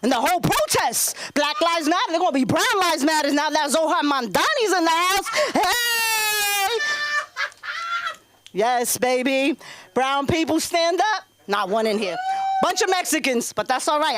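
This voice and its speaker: A woman in her thirties with a New York accent and a high-sitting voice does stand-up at an open mic, brash, profane, loud and animated. The recording is dry.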